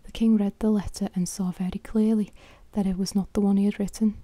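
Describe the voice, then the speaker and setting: A woman whispering a fairy tale close to the microphone as a whispered role-play, pausing to correct herself. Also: mid-range voice, level tone, warm tone, no echo. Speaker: ASMR storyteller.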